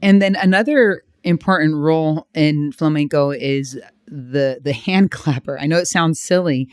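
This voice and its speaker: Podcast guest: woman from San Diego, smooth clear voice, dry close sound, measured explaining. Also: low-pitched, dry recording. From San Diego, United States. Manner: explains in measured phrases, laughs easily. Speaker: flamenco dancer, guest. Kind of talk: podcast interview.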